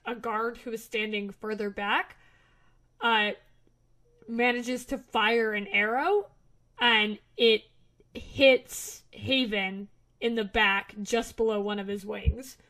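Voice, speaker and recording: A young woman narrates a tabletop game as its game master, her voice sitting a little high. She talks in halting bursts, full of fillers and restarts. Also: steady tone, bright, forceful tone. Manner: hesitant, lots of fillers and restarts.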